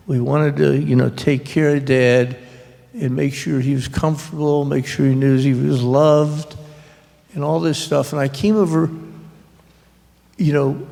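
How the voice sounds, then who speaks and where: A man guest author telling a family story at a live library talk into a handheld mic, in a rambling, self-deprecating way with halting restarts. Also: a little high, gravelly, warm tone. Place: public library event hall. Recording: echoey hall.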